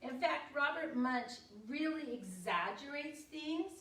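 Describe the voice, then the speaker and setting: An older woman presents an informal parenting workshop on reading stories aloud, chatting and acting out short voiced examples. Her high-pitched voice has lively intonation and a fairly bright tone, and she takes it slowly. The recording sounds distant in an echoey room.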